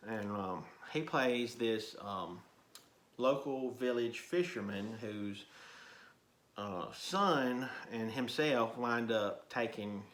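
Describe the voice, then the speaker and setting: A man talks through a movie review in a loose, conversational way, full of fillers and side comments. His voice sits at an ordinary middle pitch. The room around him is roomy and echoey. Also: fairly bright tone. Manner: chatty, informal, many fillers and asides. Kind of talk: casual rambling movie review. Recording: roomy echo.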